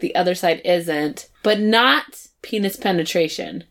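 A woman's voice: fairly low pitch, measured pace, fairly bright tone. Giggly hesitant woman podcast host. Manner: giggly, hesitant, many fillers. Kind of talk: casual podcast chat.

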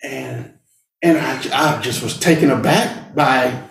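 A middle-aged man telling a personal story to an audience, speaking slowly and earnestly with long deliberate pauses. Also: mid-range voice, gravelly, fairly bright tone. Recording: roomy sound from a distant mic.

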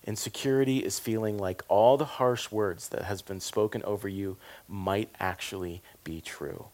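A man from the South, preaching a sermon in a conversational, jokey way, dropping to quiet asides and rising to loud emphasis. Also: fairly low pitch, normal speed. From American South. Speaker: pastor.

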